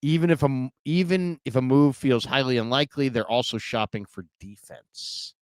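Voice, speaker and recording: A man's voice: medium pitch, no echo. A man hosting a solo sports livestream, chatting in a rambling, casual way with lots of fillers. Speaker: podcast host.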